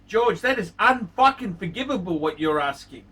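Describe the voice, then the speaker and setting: Ranting vlogger, male: furious, foul-mouthed, pitch leaping all over, bright edge to the voice. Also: animated, normal speed, breathy edge, far from the mic. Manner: furious, swearing, repeats insults. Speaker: watch vlogger. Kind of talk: angry profane rant to camera.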